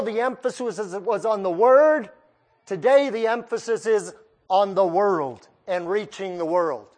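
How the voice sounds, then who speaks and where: A male preacher delivering a sermon, putting pointed questions straight to his listeners. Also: high voice. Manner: questions the listeners directly, emphatic.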